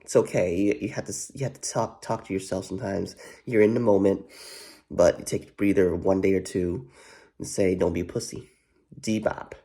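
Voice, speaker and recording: Rambling male vlogger, low and gravelly, swears freely, loops on fillers. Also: steady tone, normal speed, dark tone. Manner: rambling, heavy filler "you know what", profane, repeats himself. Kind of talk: casual rambling commentary.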